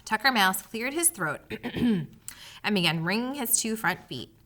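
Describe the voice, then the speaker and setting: A woman reads a children's book aloud, telling the story expressively. Her voice is bright and clear, and her pitch rises and falls a lot. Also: animated, measured pace. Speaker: audiobook reader.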